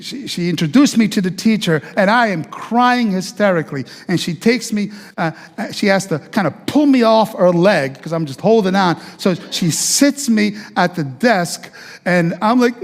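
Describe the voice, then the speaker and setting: High-voiced pastor telling his testimony. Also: big-room sound. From Italy. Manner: conversational, chatty with fillers and audience asides. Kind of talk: testimony sermon storytelling. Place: church sanctuary.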